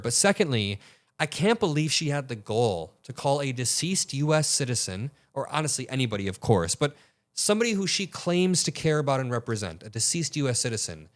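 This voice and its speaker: Indignant young man commenting on politics. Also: mid-range voice. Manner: indignant, emphatic.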